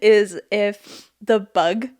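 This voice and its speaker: A young woman in her twenties co-hosting a podcast, telling animated stories with lots of swearing. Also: medium pitch, drawn-out words, a crowd in the background. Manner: animated storytelling, swears freely, acts out quotes. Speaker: podcast co-host. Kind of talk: casual chat.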